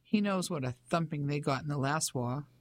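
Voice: mid-range voice, moderate pace, a little hiss or hum, natural voice. An audiobook narrator voicing a blustering older English colonel, pompous and dismissive. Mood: smug.

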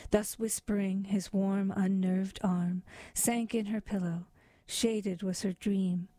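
Woman reading an old poem, real slow, mellow tone, dry close sound. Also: medium pitch, no echo. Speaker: reader. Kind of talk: poetry reading.

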